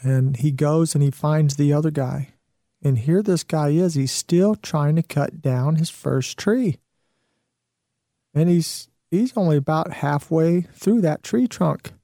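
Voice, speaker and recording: A man's voice: on the high side, slow, vocal fry, dark tone, dry recording, clean studio sound. A man hosting a show, giving an earnest motivational talk with some restarts and fillers. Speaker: show host.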